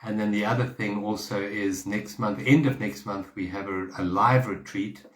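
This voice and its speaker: A man co-hosting a session, sharing announcements in a relaxed, easygoing way. His voice sits a little low. The room adds a noticeable echo. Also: moderate pace. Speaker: co-host. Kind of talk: casual announcements.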